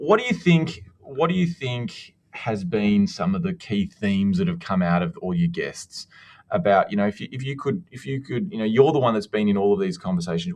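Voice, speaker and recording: Australian male guest, very low voice, easygoing and jokey, stumbles over restarts. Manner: relaxed and joking, with repeated false starts. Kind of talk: casual podcast conversation.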